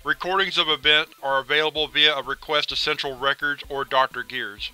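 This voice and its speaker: A man's voice: fairly high pitch, fairly even intonation, fairly quick, bright, forceful tone, smooth, low-quality recording. A man narrating a joke document in a mock-formal, dry reading style. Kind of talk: scripted reading.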